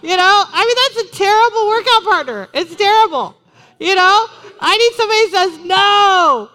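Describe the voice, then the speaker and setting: A woman pastor preaching a sermon to her congregation in a lively, conversational way, joking with them as she goes. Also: very high-pitched, moderate pace. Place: church in front of a congregation.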